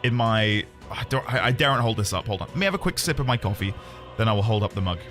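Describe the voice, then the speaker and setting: Man, 30s, game streamer, lively and up-and-down, chatty and self-deprecating, at a home desk mic. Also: fairly low pitch, quick pace, faint music behind. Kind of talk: casual live-stream chat.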